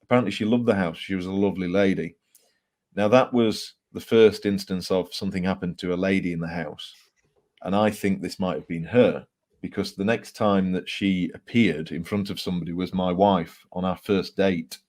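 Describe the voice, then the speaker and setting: An English man with a low voice, speaking at a normal speed, appears as an author guest in a casual storytelling interview. He tells ghost stories in an animated way, full of fillers and laughs.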